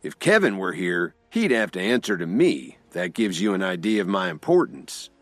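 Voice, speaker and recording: A man voicing an arrogant, threatening older man in an audio drama, speaking loud and growling. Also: low voice, very animated, moderate pace, dry recording, soft background music. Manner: growling, haughty. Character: arrogant, menacing older man, proud bully.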